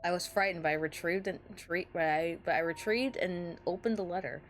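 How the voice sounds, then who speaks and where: A woman voicing a small, frightened young boy who narrates his own story in an earnest, soft way. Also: fairly low pitch, fairly quick, slight background noise, close to an everyday voice.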